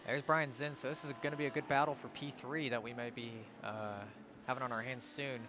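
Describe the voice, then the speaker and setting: A man's voice: medium pitch, fairly even intonation, fairly quick, noisy background. A man giving live commentary on an online sim race, calling out positions and sometimes stumbling over drivers' names.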